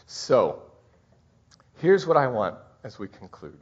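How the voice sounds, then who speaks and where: A middle-aged male pastor delivers a heartfelt Christmas sermon in a husky, slightly raspy voice. His pitch swings widely as he speaks, halting and tender at moments. The recording sounds dull and muffled. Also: very animated. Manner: heartfelt, halting, tearful at times.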